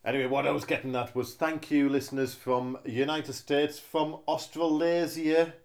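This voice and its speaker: A man's voice: fairly high pitch, flat delivery, moderate pace. A man co-hosting a casual comic podcast, rambling jokily between silly voices. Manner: jokey, rambling, breaks into silly voices and sing-song. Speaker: podcast co-host.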